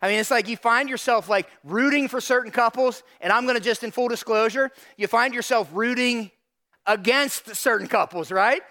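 Man, high voice, middle-aged pastor, sermon, animated storytelling, talks to the crowd. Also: normal speed. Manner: animated storytelling, addresses audience directly.

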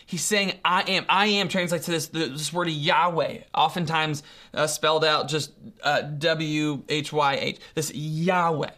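An earnest preacher delivering a sermon, leaning hard on key words and slowing down to let them land. The voice sits at an ordinary middle pitch. The talk often circles back on itself with repeated phrases and questions put to the listeners. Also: fairly bright tone. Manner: earnest, emphatic, asks rhetorical questions; repeats and restarts phrases, slows for emphasis.

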